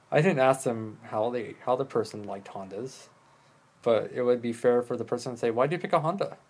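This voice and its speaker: A man's voice: mid-range voice, moderate pace, darkish tone. A man hosting his own talk show alone, speaking in a loose, rambling way with plenty of swearing and jokes at his own expense. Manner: rambling, profane, joking at himself. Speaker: podcast host. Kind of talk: casual solo talk on listening skills.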